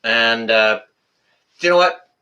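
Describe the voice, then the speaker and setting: A man's voice: mid-range voice, lively intonation, slow pace, bright, forceful tone. A man hosting a casual live stream, rambling, teasing his guest and reading out viewer comments.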